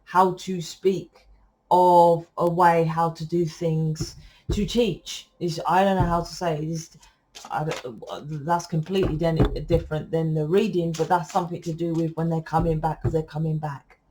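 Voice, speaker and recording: Loud rambling woman tarot reader. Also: sits low, steady tone, normal speed, slight background noise. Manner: loud, rambling, self-correcting. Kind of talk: casual spiritual monologue to viewers.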